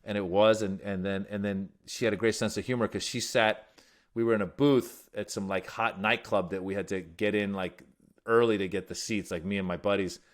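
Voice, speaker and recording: Man from iran, low voice, animated casual storytelling, comedian guest. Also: a little fast.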